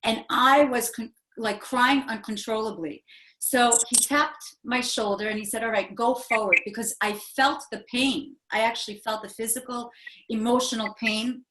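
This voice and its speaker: A woman's voice: fairly high pitch, steady tone, moderate pace, pushed and bright. A woman in her forties, a guest in an interview, telling a personal story in an earnest, rambling way, with many fillers and restarts. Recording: echoey room.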